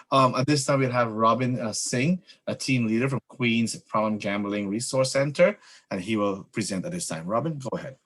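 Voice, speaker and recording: A man with a low, somewhat husky voice hosts an online community meeting over a video call. He introduces speakers in a relaxed, chuckling manner. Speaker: meeting host. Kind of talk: casual meeting moderation.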